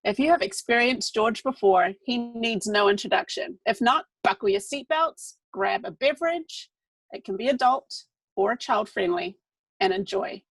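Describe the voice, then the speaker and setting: A woman's voice: a little high, moderate pace, husky, no echo, rough recording. A woman with a New Zealand accent, playfully introducing a guest speaker. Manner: playful, upbeat.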